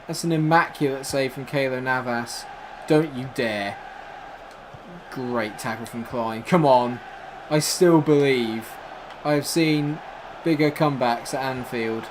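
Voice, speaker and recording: A young man, commenting excitedly on his football video game and shouting at the screen. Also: medium pitch, a little slow, slight background noise. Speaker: gaming YouTuber.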